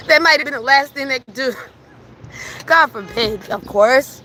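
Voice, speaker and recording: A woman on a live stream, telling a story with emphatic, animated delivery and frequent laughter. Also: high voice, slight background noise. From New York. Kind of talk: casual storytelling on a livestream. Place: at home.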